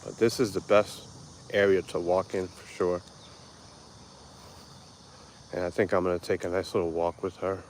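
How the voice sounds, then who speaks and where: A man's voice: sits low, little pitch movement, brisk, darkish tone, slight background noise. A man hosting a casual walk-and-talk live stream on an outdoor park path, chatting laid-back with viewers through a handheld phone.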